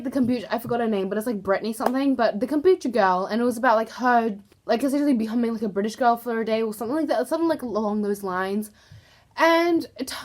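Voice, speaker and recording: A young woman YouTuber gossiping casually to camera, chatty and filler-heavy, with exasperated asides. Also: a little high.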